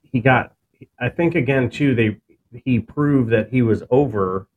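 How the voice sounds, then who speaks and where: A man co-hosting a casual wrestling podcast, talking in a relaxed, rambling way with many fillers and restarts. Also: mid-range voice, measured pace. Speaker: podcast co-host. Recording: dull lo-fi sound with faint noise.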